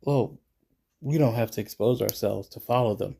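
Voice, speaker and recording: A man reading an interactive fantasy gamebook aloud at a measured pace and thinking his choices through casually, recorded at home. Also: mid-range voice, gravelly, warm tone, breathy edge. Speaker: gamebook narrator and player.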